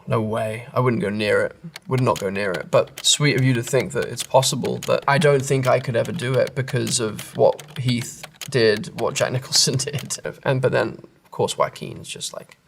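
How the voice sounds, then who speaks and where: A man's voice: medium pitch, vocal fry. An English man in his thirties reads out internet comments and answers them in a rambling, self-interrupting way, laughing at himself now and then. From England. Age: 30s. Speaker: actor answering internet questions. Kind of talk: casual reading and answering web comments.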